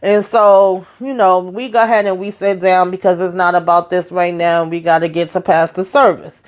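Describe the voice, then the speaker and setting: A woman recaps a TV episode in a loose, chatty way. She sounds exasperated and animated, throws in slangy asides, and acts out the characters' lines as she retells each scene. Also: lowish voice, normal speed. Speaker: TV show recap host.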